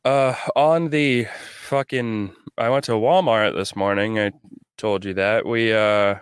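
A man's voice: on the low side, steady tone, slow pace, clear, resonant tone, no echo. Young guy on a podcast, swears a ton, rambles along, dry close mic. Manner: profane, rambling storytelling. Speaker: podcast co-host. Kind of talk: casual chat.

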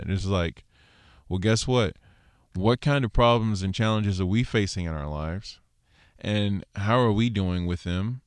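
A man's voice: fairly low pitch, a little slow, no echo, studio quality. A man giving a casual Torah teaching, talking conversationally and acting out the people he quotes, with self-deprecating humor. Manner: conversational, acts out quoted people in lively voices.

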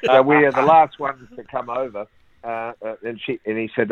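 An older Australian man, a former cricketer, telling lively anecdotes and laughing at his own stories. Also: medium pitch, brisk. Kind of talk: anecdotal storytelling. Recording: tinny phone-like line, dry.

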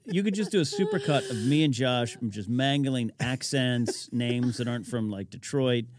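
A man co-hosting a podcast, chatting casually and throwing in quick jokes. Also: mid-range voice, very animated, crowd noise. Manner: joking, quick interjections. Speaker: podcast co-host. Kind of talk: casual chat.

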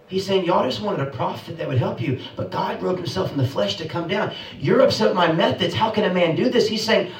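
Male preacher, fairly high voice, emphatic sermon full of rhetorical questions; recorded in an echoey room from a distance. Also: fast, slight background noise.

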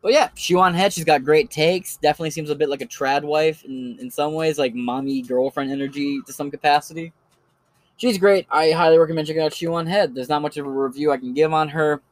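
A host with a higher voice talks briskly in a steady tone, free of echo, as he rambles through creators he recommends. His solo commentary is casual, laid-back, and full of profanity.

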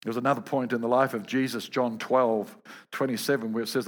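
A man's voice: fairly low pitch, fairly even intonation, fairly quick, in a large hall. Male preacher, sermon, humorous storytelling, stumbling repeats.

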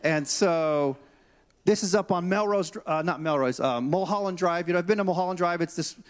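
A man preaches as senior pastor, telling a personal story with animated, acted-out dialogue. His voice sits a little higher than most men's. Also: a little fast, clear, resonant tone. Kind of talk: storytelling sermon. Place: church stage.

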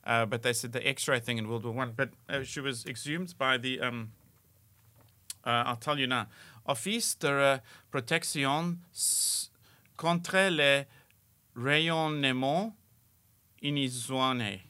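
A South African man cohosts a casual comedy podcast with a bright, clear voice. He is playful and often breaks into laughter over his own trivia. The sound is dry and close. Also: medium pitch, unhurried, no room sound. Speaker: podcast co-host.

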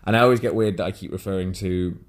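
A man's voice: low-pitched, fast. A man co-hosting a casual podcast, talking in a rambling, hesitant way with lots of fillers and restarts. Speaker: podcast co-host.

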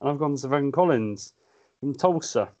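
A tipsy man co-hosting a podcast, easygoing and quick to laugh. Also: mid-range voice, expressive, dark tone. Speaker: podcast co-host. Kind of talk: casual sports chat.

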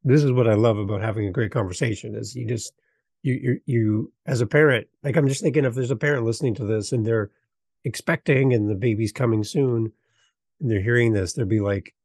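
A man hosting a podcast interview, reacting with enthusiasm and talking quickly, repeating words when he gets excited. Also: mid-range voice, dry recording. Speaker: podcast host. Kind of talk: casual interview chat.

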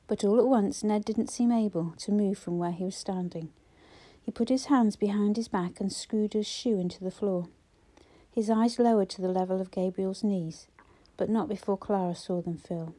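A woman reads a novel aloud in a steady storytelling voice, moving between the characters. Her tone is warm and mellow, never bright. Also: medium pitch, normal speed. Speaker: audiobook narrator. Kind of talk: scripted narration.

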